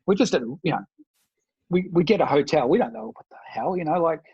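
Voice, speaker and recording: A man with an Australian accent, a former soldier, telling stories in a casual interview and jumping into higher mock-friendly voices when he quotes people. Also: fairly quick, creaky, husky, no room sound, highs cut off. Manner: animated storyteller, slips into high mock-friendly voices when quoting.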